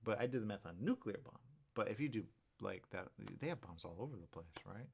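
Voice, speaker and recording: Guy hosting a talk show, just rambling at the camera, keeps going "okay?", kinda low and gravelly. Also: animated, a little fast. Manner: rambling, repeats himself, keeps checking in with "okay?". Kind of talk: casual monologue to viewers.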